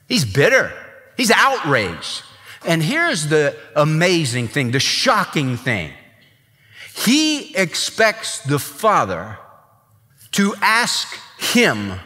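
A male pastor preaches with emphatic drama, his voice bright and pushing. His pitch rises and falls with animation. The sound rings with a long church reverb. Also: huge pitch swings, extremely slow. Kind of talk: sermon.

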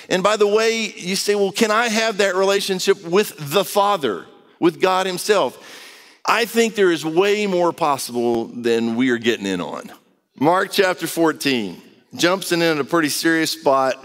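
A man's voice: sits high, fairly bright tone. Conversational man preaching in a reverberant hall. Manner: conversational preaching with acted-out quotes. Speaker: pastor. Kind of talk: sermon.

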